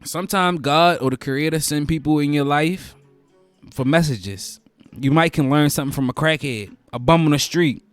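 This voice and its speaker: A man's voice: a little high, normal speed, no room sound, soft background music. A male host giving advice in a casual, preachy monologue, repeating phrases for emphasis.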